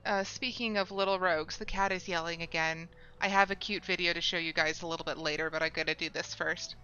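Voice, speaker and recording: A woman's voice: fairly low pitch, fairly even intonation, fairly quick, sharp tone, clear, resonant tone, highs cut off, faint music behind. A woman streaming a video game, chatting casually to her viewers as she plays. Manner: chatty, talks to viewers while playing. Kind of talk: casual live-stream commentary.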